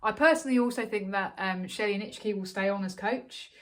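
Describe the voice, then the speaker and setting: A woman's voice: mid-range voice, fairly quick. A woman co-hosting a cricket podcast, talking casually with lots of fillers and restarts. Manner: chatty, many fillers and restarts. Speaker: podcast co-host.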